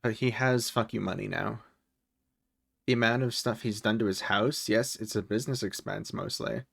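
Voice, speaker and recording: A man with a low, gravelly voice talks casually on a live stream from home, rambling between topics and swearing freely. His voice is recorded dry and close, with no room sound around it. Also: steady tone, normal speed, fairly bright tone, no echo. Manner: rambling, profane, chuckles often. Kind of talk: casual livestream chat.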